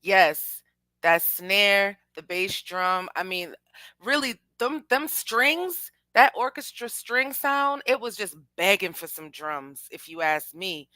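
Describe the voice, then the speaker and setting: A young woman hosting a casual music commentary show, talking in an animated, slangy way and addressing her chat. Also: medium pitch, slow pace, dry recording. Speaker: podcast host.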